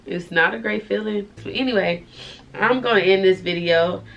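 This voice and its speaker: A woman's voice: medium pitch, moderate pace, gravelly, muffled recording. Tearful young woman in a confessional vlog. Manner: soft-spoken, heartfelt, informal slang. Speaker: vlogger.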